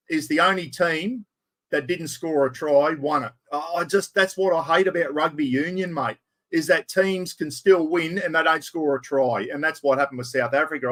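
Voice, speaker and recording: A man's voice: fairly high pitch, fairly bright tone. A middle-aged Australian man hosting a casual camping live stream, chatting in a blokey way, reading out viewer comments and swearing freely.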